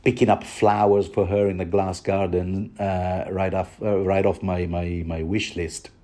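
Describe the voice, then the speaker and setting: A man voicing an earnest young guardsman who speaks in a hushed, hesitant way. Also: sits low, level tone, unhurried, voice pushed down. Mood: wistful.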